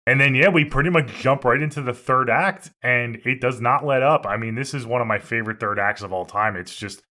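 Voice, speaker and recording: Bright-voiced laid-back podcast man. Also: mid-range voice, a little fast. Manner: laid-back, swears casually. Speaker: podcast co-host. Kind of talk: casual movie review chat.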